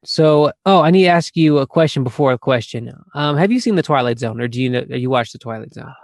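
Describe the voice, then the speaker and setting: A man's voice: medium pitch, lively intonation, brisk, no echo, clean studio sound. A man co-hosting a casual chat, joking and laughing as he reads out fan questions. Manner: laughing, jokey, acts out bits in whispers. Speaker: podcast co-host.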